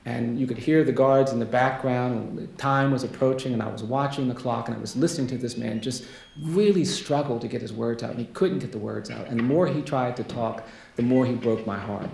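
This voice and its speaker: Male keynote speaker with a gravelly voice, earnest and soft-spoken storytelling with repeated refrains, recorded in a roomy lecture hall. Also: medium pitch, brisk. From United States. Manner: quiet, earnest storytelling with rhetorical repetition. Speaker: keynote speaker and death-row lawyer. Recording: roomy hall echo, faint noise.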